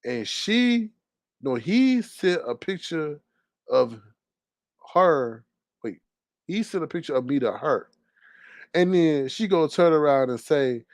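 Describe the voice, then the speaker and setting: A man's voice: medium pitch, expressive, measured pace, no echo. Indignant man ranting in a dry close voice. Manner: loud, indignant, drawling, swings between outbursts and mutters. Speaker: caller on a live talk stream. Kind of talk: animated casual ranting.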